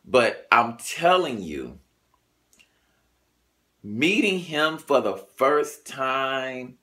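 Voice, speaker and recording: A man from Tennessee talks straight to his camera in the early morning. He is tired but chatty and blunt, with a mid-range voice, and he swears freely as he tells his story. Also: extremely slow. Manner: animated, chatty, blunt and profane, jumps pitch when quoting others. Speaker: vlogger.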